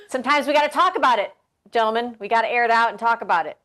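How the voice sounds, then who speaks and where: A woman hosting a casual political talk show, animated and sarcastic, firing off rhetorical questions. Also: medium pitch, racing.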